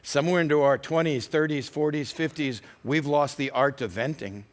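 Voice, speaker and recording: Animated male pastor preaching. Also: on the high side, normal speed. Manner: animated storytelling with acted-out quotes. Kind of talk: sermon.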